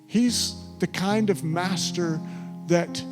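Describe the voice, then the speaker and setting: A man's voice: high voice, slow pace, over music. A male pastor preaching a sermon in a church, with a dramatic delivery that sinks to near whispers. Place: church sanctuary.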